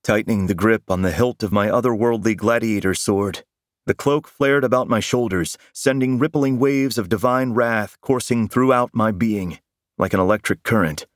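A man giving dramatic first-person fiction narration in an intense, measured storytelling manner. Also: on the low side, dry recording, clean studio sound.

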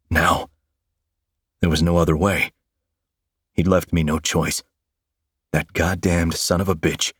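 A man giving dramatic first-person fiction narration in an intense, measured storytelling manner. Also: fairly low pitch, no echo, clean studio sound.

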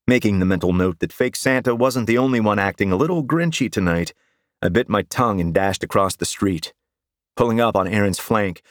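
A male audiobook narrator with a lowish voice, telling a first-person story in a wry, deadpan way. The sound is close and dry, with no room echo. He keeps an even, scripted storytelling delivery. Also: brisk.

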